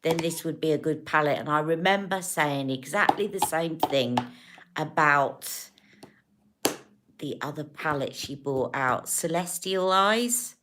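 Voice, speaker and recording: A woman's voice: low voice, measured pace, noisy background. A woman hosting a casual beauty livestream, chatting to viewers in a rambling, affectionate way. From United Kingdom.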